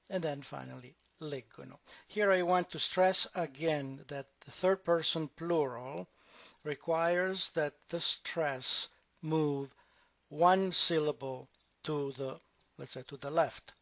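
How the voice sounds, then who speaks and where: Male teacher, slow deliberate lesson voice, slightly high, dull dry recording. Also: gravelly, fairly bright tone, no echo. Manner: slow, deliberate explanation with drawn-out example words. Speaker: language teacher. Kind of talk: grammar lesson at a board.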